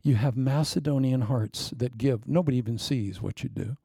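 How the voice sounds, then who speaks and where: Male pastor preaching, gravelly mellow voice, jokes about himself, gets loud then drops to almost a whisper. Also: mid-range voice, moderate pace, dry recording, clean studio sound. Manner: dramatic swings from loud emphasis to hushed asides; wry, self-mocking humor. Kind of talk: sermon with humorous anecdotes.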